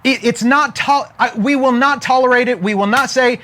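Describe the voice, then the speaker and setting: High-voiced emphatic motivational speaker. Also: male voice, normal speed, few pauses, a bit bright, slight background noise. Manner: emphatic, with frequent "okay?" check-ins; storytelling, building to a punchline. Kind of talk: motivational talk to an online audience.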